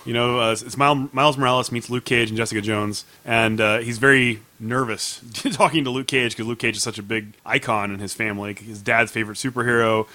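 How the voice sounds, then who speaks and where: Bright, quick man hosting a chat. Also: mid-range voice, steady tone, dry recording. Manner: upbeat, steers the segment. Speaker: podcast host. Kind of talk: casual chat.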